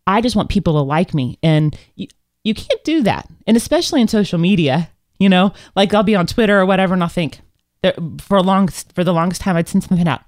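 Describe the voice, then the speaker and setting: A woman co-hosting a casual live talk show, telling stories in an animated, candid and self-reflective way. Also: on the low side, quick pace, no room sound, clean studio sound. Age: adult with children. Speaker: podcast co-host. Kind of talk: casual chat.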